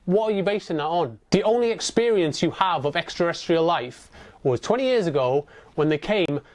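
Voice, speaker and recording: A man tears into a film in a casual, profane rant with a slightly higher voice. He keeps it sarcastic and animated, picking at each plot hole. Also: brisk. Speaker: movie reviewer. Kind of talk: casual ranting film review.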